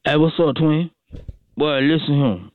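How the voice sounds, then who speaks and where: A man's voice: on the high side, measured pace, no room sound. A man calling into a radio show, rambling in a repetitive, drawling way that climbs into sing-song preaching. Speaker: recurring caller on a morning radio show. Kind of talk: rambling comic phone call. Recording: tinny dry phone line.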